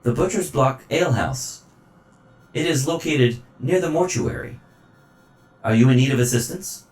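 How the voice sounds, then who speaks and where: A man voicing a formal mechanical guard in a tabletop game, talking slowly and stiffly. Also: mid-range voice, a little mellow, roomy sound, pitched above the performer's own voice, lightly acted, rough recording.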